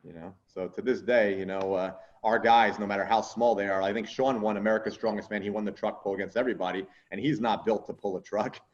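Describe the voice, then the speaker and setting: Speaking fast with a steady tone and hardly any pauses, this podcast host and strongman coach has a fairly low voice. He rambles through casual talk full of fillers and free swearing, recorded with dull lo-fi quality.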